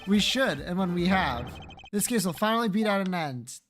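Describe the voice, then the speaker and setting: A player reading the lines of a calm, formal male prosecutor in a measured courtroom manner, over faint game music. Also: mid-range voice, close to an everyday voice.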